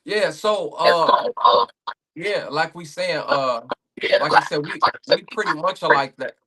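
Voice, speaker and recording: A man's voice: a little high, unhurried, sharp tone, slight background noise. A man talking casually as a guest on a remote podcast call, laid-back and rambling, with many fillers and restarts. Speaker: league owner guest.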